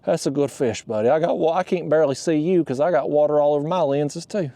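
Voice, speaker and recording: Man, mellow voice, folksy kayak-fishing chatter, talks to the fish, outdoors on the water. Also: on the high side, fast, no echo. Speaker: kayak fishing channel host. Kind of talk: casual on-the-water vlog talk. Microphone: camera mounted on the kayak.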